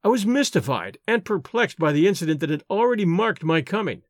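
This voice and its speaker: High, lively male storyteller. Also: no echo, studio quality. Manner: expressive, measured literary reading. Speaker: audiobook narrator. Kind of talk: scripted narration of a novel.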